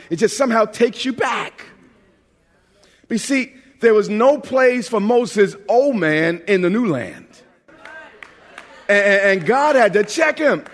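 A pastor from New York preaching a sermon in a conversational, joking way, often restarting his phrases. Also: high-pitched. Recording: long hall reverb.

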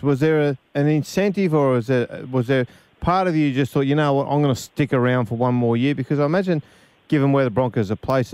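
A man's voice: mid-range voice, darkish tone, no room sound. A man with an Australian accent on a sports radio panel, teasing and asking long questions. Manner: teasing, joking.

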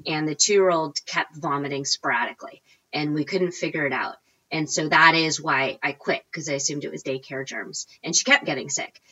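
Woman, 40s, animated interview guest; bright, slightly low voice, dull recording. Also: moderate pace. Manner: animated, acts out quotes with big pitch jumps. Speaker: guest, recipe blogger. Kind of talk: casual storytelling interview.

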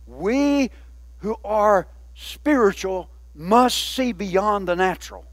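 Man, pastor, high-pitched voice, dry close sound, folksy conversational sermon. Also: expressive, takes it slowly, no room sound. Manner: folksy, conversational preaching with many asides.

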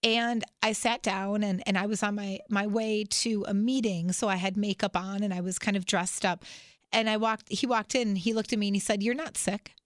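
A woman with a congested, sick voice talks as a podcast guest. She tells her story animatedly, restarting often, at a middle pitch. The sound is dry and close. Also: fairly even intonation, moderate pace, dry recording. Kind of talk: casual interview chat.

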